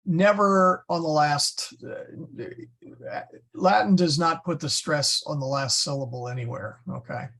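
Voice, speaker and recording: A man teaches a Latin class at an unhurried pace, reading out verb endings one by one. His voice sits a little high for a man and has a gravelly edge. He stumbles now and then and corrects himself. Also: fairly bright tone. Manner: slow, patient, stumbles and self-corrects; spells out Latin forms one by one. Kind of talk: classroom lesson.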